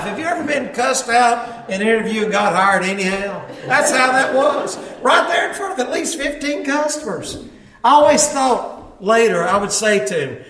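A man preaching a testimony as a folksy storyteller, acting out quotes with sudden shouts. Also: high voice. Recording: echoey hall, mic far off.

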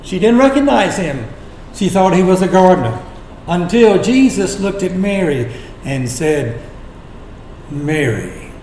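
Guy preaching a sermon, high voice, dramatic pauses, faint room hum behind. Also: sing-song, darkish tone. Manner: dramatic storytelling with long pauses. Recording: echoey room.

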